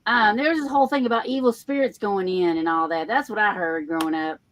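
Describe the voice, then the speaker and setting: A woman's voice: mid-range voice, fairly quick. A woman from Tennessee, chatting casually on a live stream and laughing as she talks. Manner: chatty, laughs while talking. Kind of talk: casual livestream chat.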